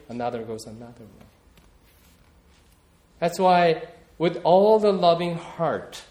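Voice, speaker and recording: A man's voice: on the high side, a little mellow, roomy sound. A man preaching a sermon, talking in a reflective, personal way and often repeating words as he searches for them. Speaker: pastor.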